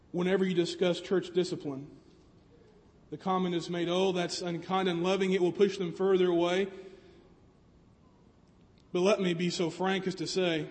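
A man with a very high voice preaches a sermon in an earnest way, often pausing on rhetorical questions. His voice carries a long reverb, like a large hall. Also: a little mellow.

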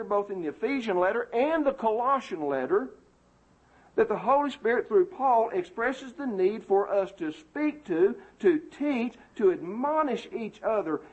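A man preaching an emphatic, indignant sermon to a congregation, recorded on a muffled lo-fi tape. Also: sits high.

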